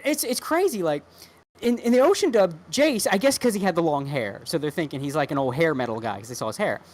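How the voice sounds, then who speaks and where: A woman co-hosting a podcast in casual chat, rambling and animated, with many restarts and swearing. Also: deep voice, fast. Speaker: podcast co-host.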